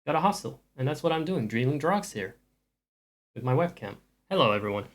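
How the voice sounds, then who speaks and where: A man's voice: medium pitch, sing-song, a little fast. A man streaming live and chatting casually with viewers, rambling with dry jokes and frequent restarts.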